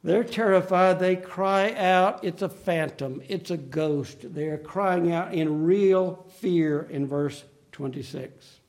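A man preaching a sermon in an earnest, emphatic way, slowing down to stress key phrases. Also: sits high, darkish tone.

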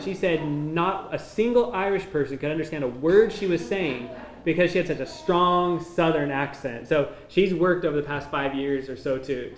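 A missionary man giving an informal slideshow talk, explaining each photo in a relaxed, conversational way. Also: on the high side, slight background noise. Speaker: missionary presenting to a church. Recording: echoey room.

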